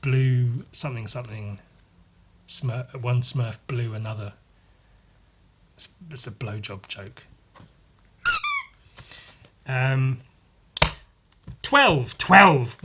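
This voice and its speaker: A man's voice: medium pitch, lively intonation, slow pace, long pauses, pushed and bright, slight background noise. A man hosting a podcast, rambling casually and sweary as he counts cards and envelopes aloud. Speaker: podcast host. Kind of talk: casual behind-the-scenes monologue.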